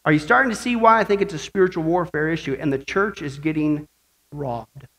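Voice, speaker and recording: A male pastor preaching an animated sermon that swings from quiet asides to shouted praise. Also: fairly high pitch, brisk, low-quality recording.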